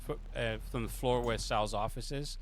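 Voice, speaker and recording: A man running a tabletop game as game master, narrating in a loose, improvised, halting way. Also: mid-range voice, steady tone, a little hiss or hum.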